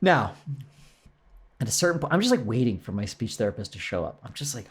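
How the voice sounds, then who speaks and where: A man's voice: mid-range voice, brisk, breathy edge. A man co-hosting a podcast, casually retelling a show with lots of laughter and jokes. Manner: laughs often while recounting, animated and joking. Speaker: podcast co-host. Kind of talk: casual storytelling chat.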